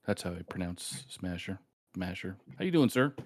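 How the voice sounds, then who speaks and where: A man from Canada co-hosting a live-streamed game. He teases the players as he introduces them, and his voice sits somewhat low. The sound is dry and close. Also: big pitch swings, a little fast, no echo. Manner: jokey, playful. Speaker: co-host.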